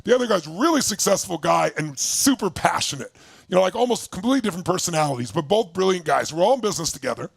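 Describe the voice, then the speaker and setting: A man telling a story in an animated, emphatic motivational talk, swearing freely. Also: high voice, quick pace, gravelly, slightly rough, no room sound, clean studio sound. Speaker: motivational speaker.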